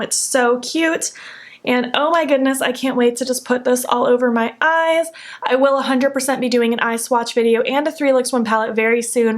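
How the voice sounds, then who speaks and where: A young woman in her twenties chatting excitedly through a makeup tutorial, gushing about a new eyeshadow palette as she works. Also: a little high. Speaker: beauty vlogger.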